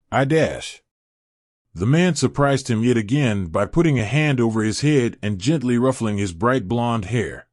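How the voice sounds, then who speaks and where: A man reading fan fiction aloud in steady scripted narration. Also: mid-range voice, dry recording, studio quality.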